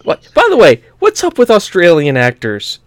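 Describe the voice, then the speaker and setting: A man co-hosting a gaming podcast in casual chat, rambling with lots of fillers and quick to laugh. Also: sits high, wildly swooping pitch, no echo. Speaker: podcast co-host.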